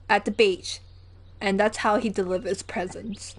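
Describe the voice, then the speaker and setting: Giggly young aussie woman chatting on a game stream, animated, tells little stories. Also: medium pitch, measured pace, husky. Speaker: gaming livestreamer. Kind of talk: casual chat while gaming.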